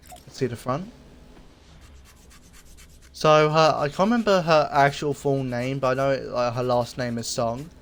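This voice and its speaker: A man giving a casual review of game items, speaking in an easygoing, rambling way and often pausing with fillers. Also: medium pitch, a little hiss or hum. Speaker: gaming video creator.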